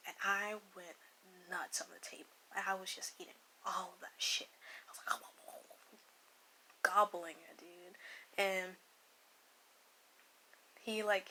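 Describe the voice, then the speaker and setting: A woman's voice: mid-range voice, pushed and bright, a little hiss or hum, low-quality recording. A young woman telling a personal story in a casual, rambling way, often swearing and dropping into a whisper. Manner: profane, rambling, slips into whispers and laughs. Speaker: vlogger.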